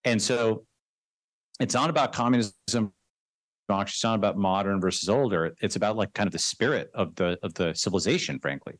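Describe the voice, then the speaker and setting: A man's voice: fairly low pitch, no echo. A man guest in a conversational interview, talking in an emphatic way and often tagging his points with "right?" and "okay.". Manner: fast, emphatic, tags remarks with "right?" and "okay". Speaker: guest investor.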